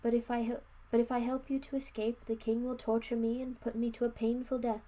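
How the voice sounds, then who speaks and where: A woman voicing a sorrowful, apologetic old male wizard who speaks in a mournful, halting way. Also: a little high, level tone, warm tone, pitched above the performer's own voice, close to an everyday voice.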